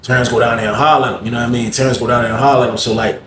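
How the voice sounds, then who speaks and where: A man casually telling a story, animated and repetitive as he acts out each scene. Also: medium pitch, very fast, echoey room, noisy background.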